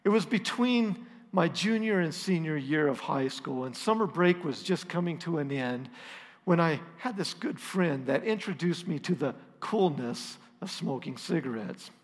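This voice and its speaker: A man's voice: on the high side, lively intonation, unhurried. A middle-aged man telling a story as a pastor in a casual, self-deprecating, conversational way. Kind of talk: storytelling sermon. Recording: long reverb.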